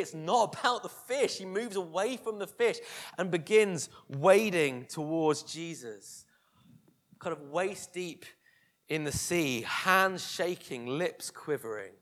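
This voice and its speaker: A man preaching a sermon, telling a scripture story vividly and dropping to a hush for tender moments. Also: a little high.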